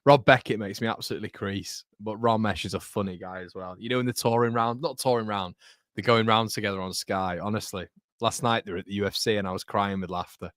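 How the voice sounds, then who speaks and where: A man's voice: on the low side, fairly even intonation, quick pace, fairly bright tone, no echo, studio quality. A young man hosting a live football watchalong, chatty and casual, who keeps breaking into giggles. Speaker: host.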